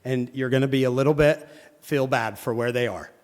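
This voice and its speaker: A man's voice: medium pitch, brisk. Man telling church stories in a hall. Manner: animated storyteller acting out quoted people. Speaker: religious teacher speaking to a congregation. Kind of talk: sermon with storytelling.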